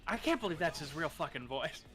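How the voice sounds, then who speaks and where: A man's voice: a little high, big pitch swings, quick pace, sharp tone. Rambling, laughing man with music behind. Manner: rambling, swears, laughs a lot. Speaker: co-host. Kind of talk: casual chat on a stream.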